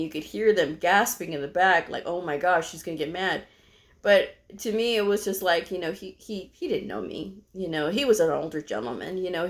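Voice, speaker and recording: A middle-aged woman from Texas speaks to her viewers in a casual, meandering storytelling style. Her voice sits slightly low, and she fills her sentences with "you know" and small fillers. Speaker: medical coder vlogger.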